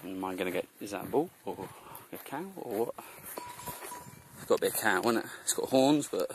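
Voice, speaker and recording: A man's voice: low-pitched, expressive, fairly quick, a little hiss or hum, low-quality recording. A young man chatting casually to a camera outdoors while on a cycling trip, rambling and laughing as he goes. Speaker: cycle tourer. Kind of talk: casual travel vlog. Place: outdoors on a mountain road.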